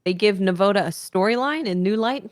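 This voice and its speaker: A woman's voice: mid-range voice, brisk, dry recording. A woman co-hosting a casual podcast chat in an upbeat manner. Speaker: podcast co-host.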